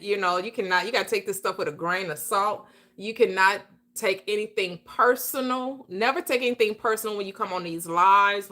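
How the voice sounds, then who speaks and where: A woman's voice: medium pitch, sharp tone. A woman hosting a livestream, giving a casual motivational talk with emphatic, preachy delivery and frequent laughter. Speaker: livestream host.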